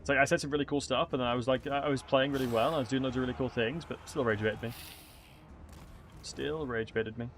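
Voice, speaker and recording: A man's voice: mid-range voice, steady tone, rapid-fire, hardly any pauses, fairly bright tone, slight background noise. Chatty man streaming a game. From England. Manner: rambling, chatty, many fillers and restarts, reacting to chat. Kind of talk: casual gameplay commentary.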